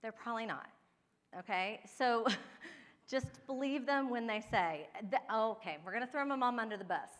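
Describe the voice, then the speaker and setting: A woman's voice: a little high, lively intonation, normal speed, fairly bright tone, in a large hall. A woman in her forties from Ohio, giving a chatty workshop talk with personal stories, laughing often and speaking straight to her audience. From Ohio, USA. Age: 40s. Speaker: downsizing and home organizing expert.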